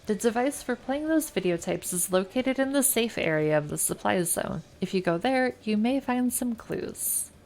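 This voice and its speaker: Speaking at a fairly high pitch, a US woman streaming a game reads its text aloud in a calm, measured way. She chats casually between the passages.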